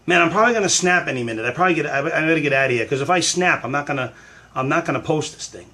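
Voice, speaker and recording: A man's voice: on the high side, fast talker, sharp tone. A man hosting a casual livestream Q&A with fans, hamming up mock frustration and sudden outbursts. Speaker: livestream host answering fan questions. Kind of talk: casual live-stream Q&A.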